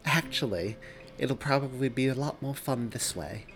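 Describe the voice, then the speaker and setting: An indignant pregnant young woman, as a male storyteller puts her on, lifting her voice well above his own. She fires back sharp, defensive retorts with a quick temper. Soft music runs faintly underneath. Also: medium pitch, pitched above the performer's own voice, close to an everyday voice. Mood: coaxing. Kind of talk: audiobook character reading.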